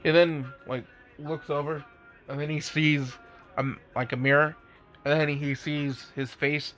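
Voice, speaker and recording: A man casually retelling a homemade story, rambling through fillers and asides. His voice sits slightly high and unhurried, with faint music playing behind him. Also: little pitch movement, fairly bright tone. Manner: rambling, filler-heavy, amused. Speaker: fan-fiction storyteller.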